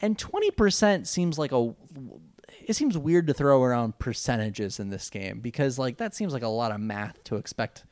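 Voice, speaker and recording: A man's voice: mid-range voice, big pitch swings, normal speed, darkish tone, no room sound. Man, casual podcast chat, rambling, jokey, fillers, dry close sound. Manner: rambling and jokey, with many fillers and mock voices. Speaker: podcast co-host recapping an anime.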